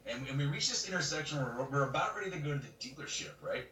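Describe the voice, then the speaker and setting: A man co-hosting a podcast, telling a story in casual chat, animated and laughing as he acts out other people's lines. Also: a little high, racing. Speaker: podcast co-host. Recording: roomy webcam mic from a distance, faint noise.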